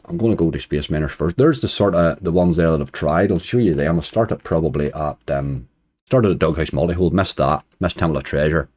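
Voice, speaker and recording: Mellow-voiced man chatting on a live stream. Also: extremely low pitch, brisk. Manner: chatty, greets viewers by name, chuckles. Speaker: slots streamer greeting chat. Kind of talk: casual live-stream chat.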